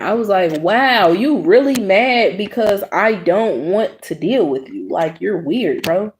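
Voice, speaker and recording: A woman's voice: on the low side, takes it slowly, hardly any pauses, slight background noise. A young adult woman telling viewers a personal story in a blunt, profane, casual way, acting out what people said. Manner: blunt, profane, animated quoting. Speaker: host.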